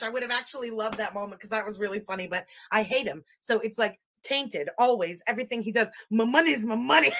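Woman, high voice, sharp tone, profane mocking rant. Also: slight background noise. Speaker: commentary streamer. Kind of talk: reaction commentary rant.

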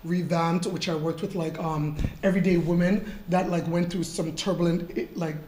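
A woman's voice: lowish voice, fairly even intonation, normal speed, a little mellow. A woman in her forties tells stories about her career on stage at a live talk. She is chatty and laughs easily, her words full of fillers. The hall around her is roomy, with a faint hum of background sound. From Canada. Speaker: guest model in an artist talk. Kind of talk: casual storytelling interview. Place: event room with an audience.

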